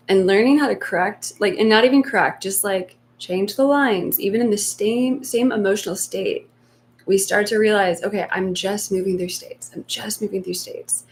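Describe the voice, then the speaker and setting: Woman, meditation coach, live stream, soft and reflective, mid-pitched voice, faint hum behind. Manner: soft, slow and reflective, acting out inner voices in hushed tones.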